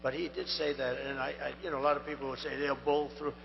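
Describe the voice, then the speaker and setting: Gravelly older man at a rally. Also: mid-range voice, flat delivery, fast talker. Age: 70s. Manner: rambling, repetitive, boastful asides. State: strained, tiring voice. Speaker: political candidate. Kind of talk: campaign rally speech. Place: large rally venue. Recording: dull echoing hall feed with hum.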